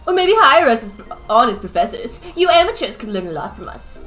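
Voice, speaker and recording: A woman's voice: fairly high pitch, big pitch swings, a little fast, a bit bright, soft background music, pitched above the performer's own voice. A woman voicing a smug, devious female student in a game, snide and boastful.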